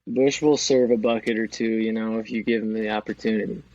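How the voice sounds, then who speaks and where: A man's voice: lowish voice, steady tone, brisk, a little mellow, dull audio. A man co-hosting a podcast, trading joking, teasing banter in casual sports chat. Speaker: podcast co-host.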